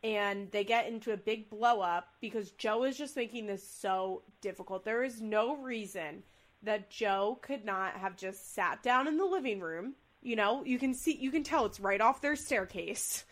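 A woman's voice: medium pitch, moderate pace. A young woman co-hosting a casual podcast chat, recapping a reality show and acting out quotes with big voices. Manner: animated, acts out quotes with big voices and laughs. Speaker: podcast co-host.

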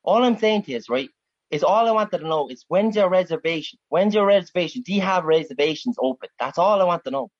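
Male radio host with a high, slightly muffled voice; flustered and stammering. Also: lively intonation, no room sound. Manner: flustered, stammering, quick to laugh. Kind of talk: casual radio banter.

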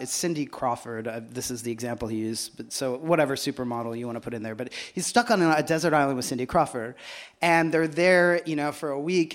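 Animated man with a higher voice. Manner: animated, laughing, quick restarts. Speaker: podcast guest. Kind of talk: live podcast chat, telling a joke. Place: stage before a live audience.

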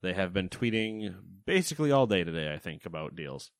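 Lively, jokey man with an animated voice. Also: sits low, brisk, dry recording, clean studio sound. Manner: lively, jokey, reads lists with playful emphasis. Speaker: podcast co-host. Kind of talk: casual gaming news chat.

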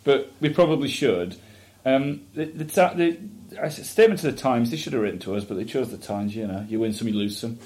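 A man's voice: mid-range voice, brisk, darkish tone. A man co-hosting a casual political podcast, sardonic and jokey, often reading quotes aloud. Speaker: podcast co-host.

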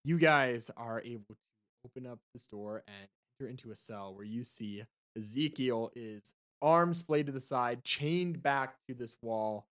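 A man narrates a tabletop game as its game master, loose and quick to laugh. His voice sits at an ordinary pitch and is recorded close and dry, with almost no room sound. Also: fairly bright tone, dry recording.

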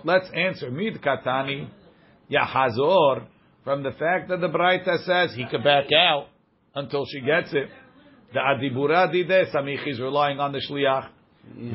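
A man's voice: fairly high pitch, husky, dull audio. A man teaching a daily page of Talmud, reading the passage aloud and explaining it line by line.

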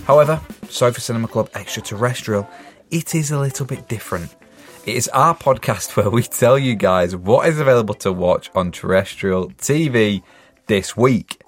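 A man's voice: fairly low pitch, lively intonation, moderate pace, faint music behind. A man hosting a podcast, giving upbeat, presenter-like introductions. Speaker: podcast host. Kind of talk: casual podcast chat.

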